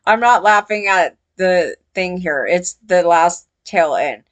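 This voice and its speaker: A woman ranting in casual commentary, blunt and profane, rambling with lots of fillers, her pitch jumping when she gets outraged. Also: expressive, takes it slowly.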